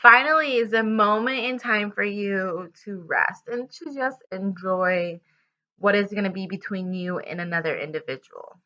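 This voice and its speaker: A woman's voice: medium pitch, normal speed, pushed and bright, dull audio. A woman giving a casual tarot love reading to her viewers, talking in a rambling way with fillers and restarts. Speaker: tarot reader.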